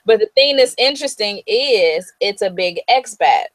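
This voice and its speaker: Animated American woman telling stories. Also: medium pitch, moderate pace, slight background noise, poor audio. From United States. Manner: animated storyteller, acts out quoted people. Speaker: guest. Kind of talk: casual chat.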